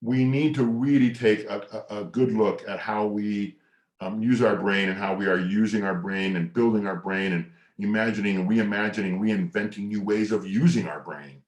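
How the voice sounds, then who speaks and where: A man's voice: fairly low pitch, reverberant. A middle-aged man presenting a motivational masterclass, talking earnestly and reflectively about mindset. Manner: earnest, slow and reflective, drops to near whisper on mantras; leads hand exercises with lively coaching cues. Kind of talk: motivational teaching talk.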